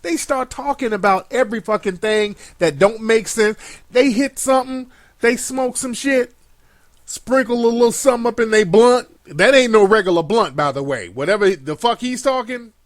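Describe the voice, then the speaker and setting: A man's voice: extremely high pitch, moderate pace, dry recording, studio quality. A man hosting a reaction commentary, mocking and profane, with frequent laughter. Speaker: commentary host.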